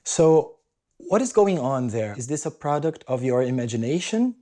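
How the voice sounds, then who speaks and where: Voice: mid-range voice, very animated, moderate pace, warm tone. A host asking thoughtful questions with frequent hesitations and restarts. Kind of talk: conversational interview.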